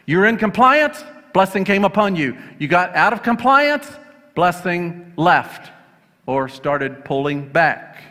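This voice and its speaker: Male pastor, high bright voice, animated sermon delivery, hall reverb. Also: slow pace. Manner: storytelling, rhetorical questions, frequent fillers.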